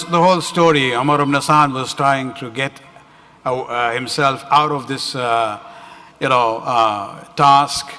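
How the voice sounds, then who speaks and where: Bright-voiced man lecturing in a hall. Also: mid-range voice. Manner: storytelling, frequent "you know" and "uh" fillers. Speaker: religious speaker. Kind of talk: religious lecture. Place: community center hall. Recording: reverberant hall.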